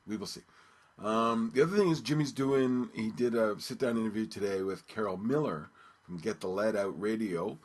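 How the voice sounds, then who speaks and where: A man hosting his own podcast, talking casually and haltingly with many ums and restarts. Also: on the low side. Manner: rambling, hesitant, many ums and repeated words. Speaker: podcast host. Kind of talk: casual solo radio-show talk.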